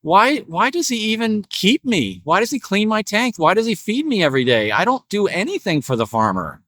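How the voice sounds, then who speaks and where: A man's voice: high-pitched, big pitch swings, normal speed, bright, forceful tone, dry recording, clean studio sound, heavily acted. A man voicing a sad little male pet fish who asks plaintive, self-pitying questions.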